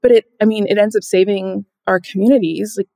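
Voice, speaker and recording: Woman guest on a podcast, earnest, slight gravel in her voice, dry mic. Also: mid-range voice, steady tone, brisk, dark tone, no room sound. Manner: earnest, lots of fillers. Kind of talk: casual chat.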